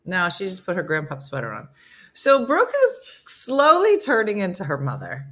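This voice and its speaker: A woman talks to her live viewers in a playful, chatty way. Her voice sits low, yet its tone is bright and keen. She teases, jokes and rambles like a morning-show host. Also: wildly swooping pitch, normal speed. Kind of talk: casual live-stream chat.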